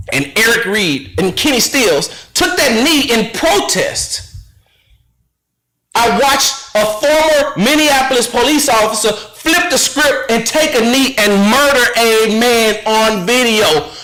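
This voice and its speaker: A man's voice: very high-pitched, pushed and bright, roomy sound, low-quality recording. A male radio host giving an impassioned commentary, fiery and rhetorical, repeating phrases for emphasis. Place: radio studio.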